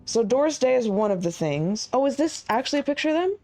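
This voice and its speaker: A woman's voice: sits high, very animated, quick pace, mellow, soft background music. A woman streaming a game live, chatting casually and thinking aloud as she works through puzzles.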